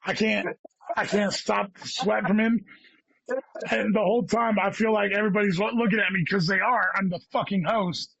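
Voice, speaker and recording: A man's voice: high-pitched, steady tone, normal speed, gravelly, a bit bright, slightly rough, no echo. A man, a guest comedian, telling a long casual story and swearing often, saying "dude" all the time. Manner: rambling, heavy swearing, says "dude" constantly. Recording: dull lo-fi sound.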